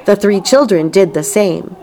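A woman reading a children's novel aloud, unhurried and expressive. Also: medium pitch. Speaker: reader.

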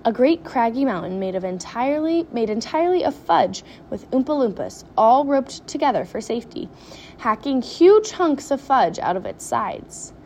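A woman reading a children's story aloud with dramatic, animated pacing. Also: on the high side, moderate pace, slight background noise. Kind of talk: expressive storybook read-aloud.

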